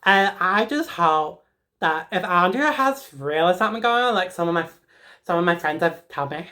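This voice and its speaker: A woman's voice: fairly low pitch, lively intonation, normal speed, bright, forceful tone. A woman playing a sassy, dramatic teenage schoolgirl in a comedic character monologue, rambling and emotional with lots of "like". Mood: reflective.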